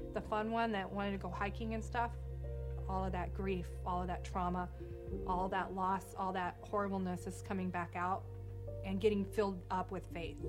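Earnest woman sharing a testimony over music. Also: medium pitch. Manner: earnest, conversational, with many fillers. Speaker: testimony speaker in a church video. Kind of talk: personal testimony. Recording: music bed underneath.

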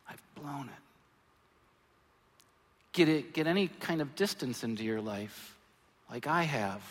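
A man preaching a sermon as pastor, earnest, moving between quiet lines and loud emphatic ones. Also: mid-range voice, husky. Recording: long hall reverb.

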